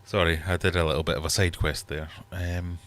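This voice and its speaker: A man's voice: sits low, level tone, brisk, a bit bright. A man hosting a live-stream quiz from his fish room, chatty and teasing his viewers. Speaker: livestream host running a quiz. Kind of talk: casual live-stream chat.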